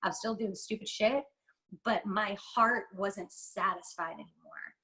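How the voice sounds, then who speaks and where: A woman guest on a podcast, speaking in a heartfelt, emphatic way. She rambles, restarts and stresses her words as she talks openly in an interview. Her pitch sits in an ordinary middle range for a woman. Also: a little slow, pushed and bright, poor audio. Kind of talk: candid interview talk.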